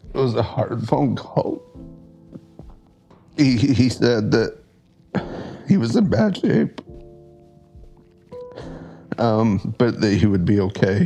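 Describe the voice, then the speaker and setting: A man in a documentary interview, hesitant and pausing with ums. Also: fairly low pitch, dark tone.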